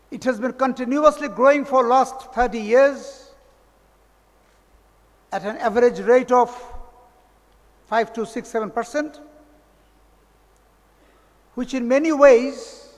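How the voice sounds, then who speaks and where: A very high-pitched man with a Bangladeshi accent opens a conference with a formal welcome. He speaks slowly and deliberately, in measured phrases with the odd restart. His voice rings out through the long reverb of a large hotel hall.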